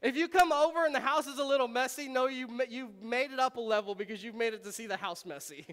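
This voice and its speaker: A man, a pastor, preaching a conversational sermon in a relaxed, chatty way, often laughing and with frequent ums. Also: extremely high pitch, fast.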